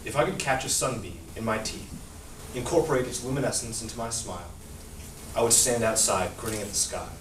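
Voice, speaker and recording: A man's voice: mid-range voice, a bit bright. Man reading his poems at an open mic, hesitant, echoey room, noisy background. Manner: hesitant, searching for words. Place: coffee house. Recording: echoey room from far off, with noise.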